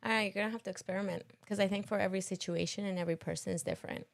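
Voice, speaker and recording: Woman podcast co-host, casual chat, quick to laugh, mid-pitched voice. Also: steady tone, vocal fry. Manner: laughs often, reads viewer comments aloud.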